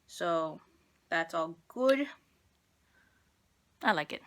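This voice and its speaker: A young woman with a bright, clear tone talks her way through a makeup tutorial. She rambles and pokes fun at herself as she applies each product. Her speech is casual and unscripted. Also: fairly low pitch, animated, extremely slow. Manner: rambling self-deprecating, talks while applying makeup. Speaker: beauty vlogger.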